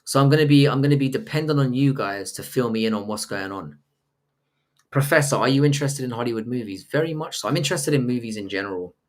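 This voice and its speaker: This man reads viewer chat aloud during a casual live stream and replies with crude, profane banter. He's a fast talker with a medium-pitched voice.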